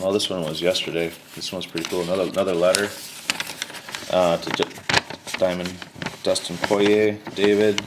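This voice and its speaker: A man with a notably deep, low voice talks loosely to his camera, drifting from point to point with lots of ums and slang. A faint hiss sits under the recording. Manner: rambling, relaxed, slangy with many fillers. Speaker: card collector showing his mail returns. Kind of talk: casual chat to camera.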